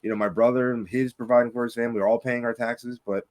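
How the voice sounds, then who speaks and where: A man, a candidate for local office, talking casually and emphatically in a podcast interview. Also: fast. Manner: animated, emphatic, rising pitch when making points. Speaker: political candidate, guest.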